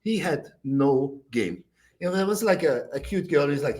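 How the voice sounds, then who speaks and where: Older German-accented man telling animated stories. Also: fairly high pitch, normal speed. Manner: acts out quotes with loud shouts and laughs. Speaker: interview guest, bodybuilder. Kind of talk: animated storytelling.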